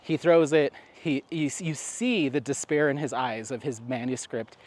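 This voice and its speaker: A man's voice: medium pitch, a little slow, a little mellow. A man vlogging in a casual chatty way, rambling with frequent laughs and fillers. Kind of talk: casual chat to camera.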